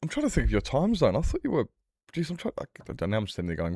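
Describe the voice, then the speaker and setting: A man's voice: mid-range voice, huge pitch swings, fast talker, a little mellow, breathy edge, no echo, studio quality. A man streaming a game, rambling and joking as he talks back to his chat. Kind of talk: casual livestream chat while gaming.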